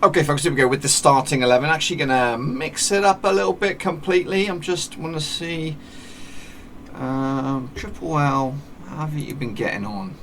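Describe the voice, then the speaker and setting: A gaming YouTuber chats casually while playing a football management game, calling the matches like a commentator and frequently correcting himself. His voice is on the high side and a bit bright, at normal speed, with a little hiss or hum.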